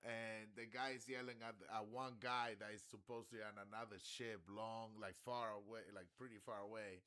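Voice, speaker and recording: Bright-voiced man chatting on a stream. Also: lowish voice, fairly even intonation, normal speed, smooth. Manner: loose, rambling, laughs often, swears. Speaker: livestreamer. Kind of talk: casual live-stream chat.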